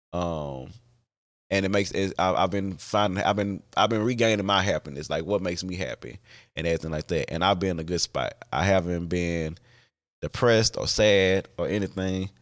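Low-voiced man, halting and candid. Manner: halting and candid, many fillers and restarts, swears freely. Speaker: podcast host. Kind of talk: casual podcast monologue.

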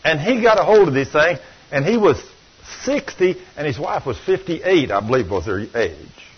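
Fervent preacher man, husky voice. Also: fairly high pitch, moderate pace. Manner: fervent, animated preaching with acted-out quotes. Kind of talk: sermon. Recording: muffled lo-fi recording.

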